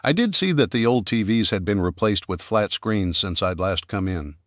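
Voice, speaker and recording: A man narrating a first-person thriller audiobook in a calm, even storytelling manner. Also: lowish voice, normal speed, no echo, studio quality.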